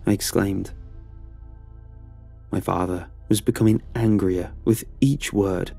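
Gravelly low guy reading creepy stories, dry close sound. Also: little pitch movement, warm tone, no echo. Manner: slow, low and brooding. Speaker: horror story narrator. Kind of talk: slow dramatic horror narration. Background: faint music.

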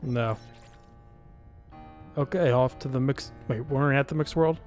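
A man's voice: mid-range voice, measured pace, a little mellow, soft background music. A man casually commentating his own video game playthrough, muttering to himself. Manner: mutters to himself while looking for the way. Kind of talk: casual let's-play commentary.

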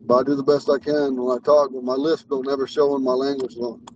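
A man's voice: medium pitch, little pitch movement, fast talker, a little mellow, recorded from a distance, dull audio, slight background noise. A man with a lisp, a Ponca language teacher, talking in a rambling, earnest way while he drives. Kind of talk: casual talk while driving. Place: inside a car on the road.

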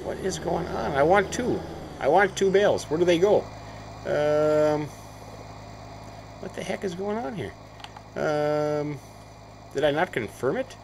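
A man's voice: a little high, animated, unhurried, vocal fry, long pauses, darkish tone, slight background noise, low-quality recording. A man hosting a farming game let's play, chatting casually as he plays, thinking aloud and often breaking into mild exclamations. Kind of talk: casual gameplay commentary.

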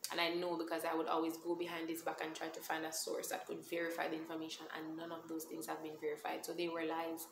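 A young Jamaican woman tells her personal testimony in an earnest, emotional way, moving between plain English and patois. Her voice sits a little low for a woman. The recording is roomy and echoey, with faint noise behind it. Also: completely flat delivery, quick pace, gravelly, few pauses. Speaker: vlogger sharing a testimony. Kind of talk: storytime testimony. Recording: echoey room.

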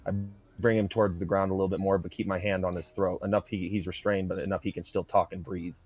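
A man's voice: sits low, little pitch movement, quick pace, breathy edge, muffled recording, soft background music. A man playing a tabletop role-playing game, talking intensely and aggressively with lots of swearing. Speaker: player.

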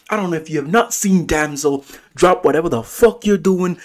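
A man excitedly ranting about a film, gushing and swearing with lots of exclamations. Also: fairly high pitch, moderate pace, few pauses. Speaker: movie reviewer. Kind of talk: excited movie rant.

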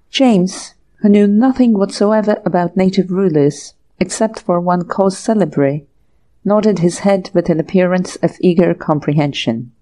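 A woman narrating an audiobook of a classic short story in a steady, measured way. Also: on the low side. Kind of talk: scripted narration.

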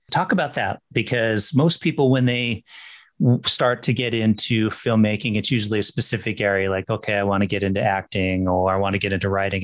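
A man hosting a casual interview podcast, asking chatty, rambling questions with frequent restarts. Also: lowish voice. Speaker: podcast host.

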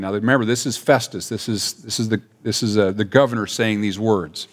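A man's voice: fairly low pitch, steady tone, moderate pace, few pauses. A man with an Upper Midwest American accent, a church pastor giving a conversational sermon, full of restarts and fillers as he tells stories. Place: church sanctuary.

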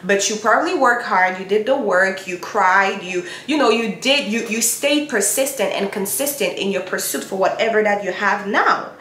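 A woman's voice: medium pitch, moderate pace, few pauses, a bit bright, roomy sound. A woman giving a motivational Bible talk to her viewers, urging and repeating herself like a preacher. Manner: emphatic and repetitive, preacher-like exhortation. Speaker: Christian YouTuber giving encouragement.

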